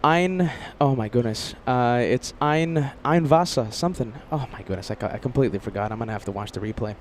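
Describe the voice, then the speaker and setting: A man's voice: medium pitch, expressive, brisk, slight background noise. An upbeat, chatty man hosting a casual livestream outdoors near an airport and reading viewer messages. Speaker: livestream host.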